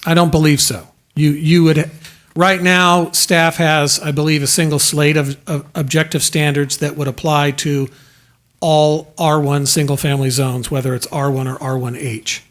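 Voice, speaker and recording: A man's voice: fairly high pitch, flat delivery. A man as city legal counsel, giving careful, precise legal advice at a council meeting. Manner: measured, precise, careful hedging. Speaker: city attorney.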